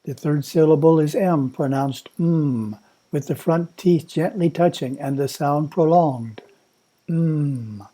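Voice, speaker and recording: A man at a monastery reading a prepared spiritual talk in a measured, instructive way. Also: fairly high pitch, mellow. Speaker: monastery teacher.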